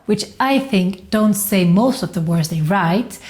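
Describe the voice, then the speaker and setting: A woman with a Swedish accent teaches pronunciation in a scripted lesson. She speaks steadily at a middling pitch and stretches out example words with a sing-song rise and fall. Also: lively intonation, darkish tone. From Sweden. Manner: slow, carefully drawn-out demonstration words with sing-song pitch. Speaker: language teacher.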